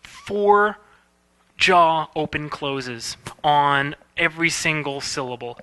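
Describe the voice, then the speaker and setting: A man's voice: fairly high pitch, measured pace, pushed and bright. A man giving a casual, playful animation lecture, demonstrating words aloud as he teaches. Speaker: animation instructor. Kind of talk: recorded lecture.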